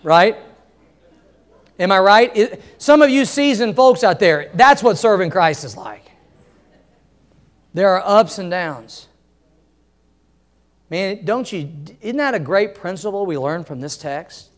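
A man. He preaches in a folksy, storytelling manner, rising to loud emphatic passages and then dropping to quiet ones. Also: high voice, expressive, slow, long pauses. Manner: folksy storytelling preacher with wide swings in loudness. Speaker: pastor. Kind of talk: sermon.

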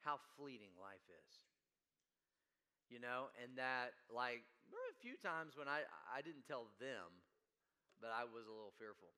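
A man preaching a sermon, telling a story and swinging from hushed asides to loud, emphatic preaching. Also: mid-range voice, very animated, measured pace. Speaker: pastor.

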